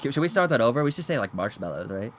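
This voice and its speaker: A man's voice: mid-range voice, very animated, racing. A man co-hosting a podcast who jokes around in casual chat and stammers often. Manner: stammering, joking. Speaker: podcast co-host.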